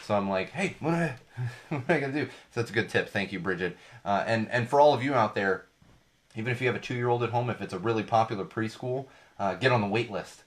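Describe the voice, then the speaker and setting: A man's voice: on the low side, quick pace, a little hiss or hum. A young man hosting a podcast, talking casually about parenting with emphatic repetition and frequent fillers. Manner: emphatic, repeats points, many fillers and restarts. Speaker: podcast host.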